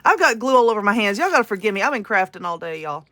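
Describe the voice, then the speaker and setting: Bright, gushing Southern US woman. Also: mid-range voice, very animated, racing. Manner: gushing and exclamatory. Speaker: crafting vlogger. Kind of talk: excited unboxing chat.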